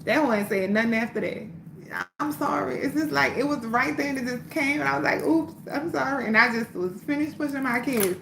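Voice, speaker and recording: Woman, high voice, livestream storytelling, profane, roomy echo. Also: brisk, gravelly. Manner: animated, profane, swings between loud and hushed. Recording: roomy echo, faint background hum.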